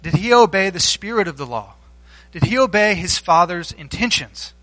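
A man's voice: sits high, lively intonation, moderate pace, bright, forceful tone, dry recording. A man preaching a sermon, telling a story with many fillers and restarts and asking the congregation questions. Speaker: pastor.

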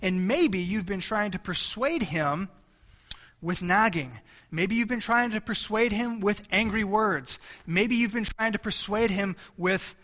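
A male pastor preaches in an easy, conversational way, and his voice sits high for a man. His tone is bright and forward. He slows down on key phrases and acts out little arguments between spouses. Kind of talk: sermon.

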